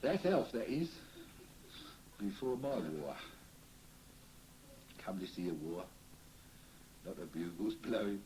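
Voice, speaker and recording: A cheery old Cockney barrow boy's spirit, as a man in a séance puts him on, rambling through his memories with chuckles. His voice has a warm, mellow tone, and his pitch swings up and down as he talks, in a folksy, chatty way. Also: expressive, slow pace, pauses often, a little hiss or hum, low-quality recording. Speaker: trance medium. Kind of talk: séance trance communication.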